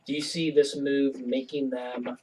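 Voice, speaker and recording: Laid-back podcast host, slightly distant. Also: male voice, medium pitch, flat delivery, measured pace, a little mellow. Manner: laid-back, frequent short agreements. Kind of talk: casual sports chat.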